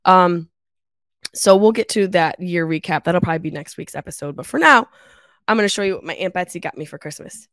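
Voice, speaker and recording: A woman in her thirties hosts her own solo podcast from her mother's house, stuffy-nosed from a cold, telling stories in an animated way full of swearing, jokes, and laughter. Her voice is fairly low and brisk. She uses a travel mic with no pop filter, yet the recording is dry and studio quality.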